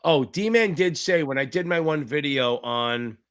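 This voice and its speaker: A man's voice: on the high side, animated, unhurried, a bit bright, clear, resonant tone. A man tutoring for a finance exam in a live online Q&A, chatty and joking, swearing freely and reading out viewer names between explanations.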